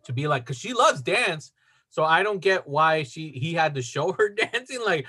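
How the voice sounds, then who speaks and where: Male podcast co-host, casual rambling recap, slightly high voice. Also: animated, moderate pace, pushed and bright, breathy edge. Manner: rambling, many "like" fillers. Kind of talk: casual movie recap chat.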